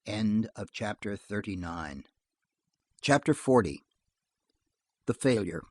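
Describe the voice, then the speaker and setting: An audiobook narrator reading a western novel aloud in an expressive storytelling manner. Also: deep voice, slow, no room sound, studio quality.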